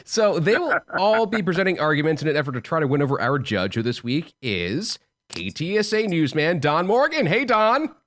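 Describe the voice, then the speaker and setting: A man's voice: lively intonation, normal speed, hardly any pauses, fairly bright tone. A man hosting a radio debate game show and refereeing it in a playful announcer style. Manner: playful announcer delivery, big swings in pitch. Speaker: host and referee.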